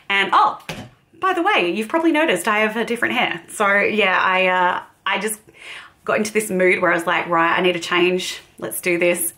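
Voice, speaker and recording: A young Australian woman chats through a beauty video in a bubbly, easygoing way, laughing often between thoughts. Her voice sits at a middle pitch for a woman. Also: bright, forceful tone. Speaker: beauty vlogger. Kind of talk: casual beauty video chat.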